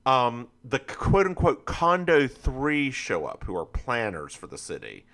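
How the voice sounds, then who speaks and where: A man's voice: mid-range voice, huge pitch swings, measured pace, fairly bright tone. A man co-hosting a podcast, recapping a TV episode in casual chat and laughing often. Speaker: podcast co-host.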